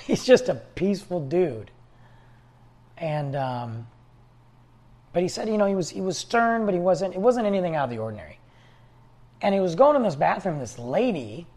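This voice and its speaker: A man's voice: fairly high pitch, a little mellow, breathy edge. A man hosting a podcast, rambling along in casual conversational storytelling. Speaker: podcast host. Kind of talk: casual solo talk.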